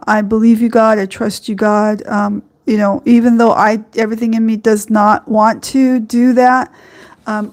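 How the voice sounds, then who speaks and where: A woman hosting a podcast, talking slowly about spiritual matters, halting often with ums and you-knows. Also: mid-range voice, darkish tone. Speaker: podcast host. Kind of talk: reflective spiritual talk.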